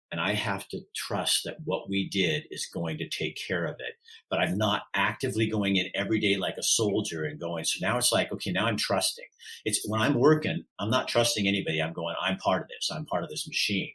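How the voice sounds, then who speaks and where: A middle-aged man, a podcast guest, telling his story in an animated way and acting out the dialogue. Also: deep voice, rough recording. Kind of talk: storytelling in an interview.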